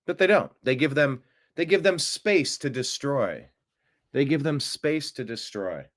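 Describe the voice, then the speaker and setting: Animated male political commentary host. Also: measured pace. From United States. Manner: animated, sarcastic, swings pitch for mocking asides. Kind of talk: solo political commentary monologue.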